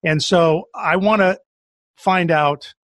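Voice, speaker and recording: A man hosting a local podcast, speaking in a measured, scripted way over a video call. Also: high-pitched, a bit bright, no echo. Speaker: podcast host.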